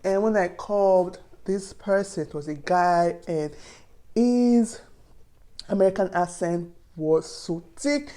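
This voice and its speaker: A woman's voice: fairly low pitch, slow pace, warm tone. A young woman from Nigeria with a Nigerian accent, giving earnest, chatty advice to her viewers in a casual vlog. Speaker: vlogger.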